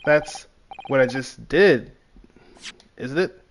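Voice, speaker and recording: A man's voice: mid-range voice, slow, slight background noise. A man reading aloud as an earnest young male lawyer, puzzled and flustered in his questions. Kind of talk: reading game dialogue aloud.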